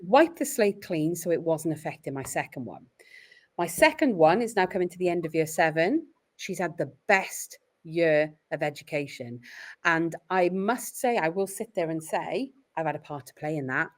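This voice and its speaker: A woman's voice: low-pitched, normal speed. A middle-aged Welsh woman talking openly and reflectively as a parent in a podcast conversation. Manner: earnest, reflective, expressive storytelling.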